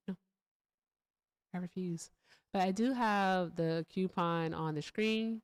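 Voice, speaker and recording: A woman hosting a commentary stream, talking to her viewers in an animated, sarcastic way. Her voice is close and dry with no room sound, and her pitch sits in the middle. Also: slow pace, no echo. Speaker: host. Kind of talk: political commentary livestream.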